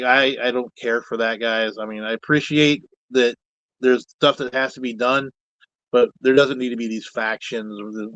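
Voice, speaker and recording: In casual conversation, a guest puppet builder wanders from topic to topic, speaking candidly and cussing mildly. His mid-pitched voice is recorded dry and up close, free of room reverb.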